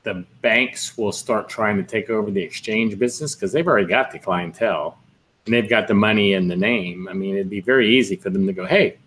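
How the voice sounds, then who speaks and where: Telling rambling stories thick with fillers and restarts, a podcast co-host chats casually. His voice is on the low side, a bit bright, and fairly quick.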